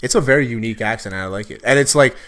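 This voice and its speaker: A man's voice: medium pitch, racing, a bit bright. A man hosting a sports podcast, chatting casually and easygoingly with many fillers. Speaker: podcast host.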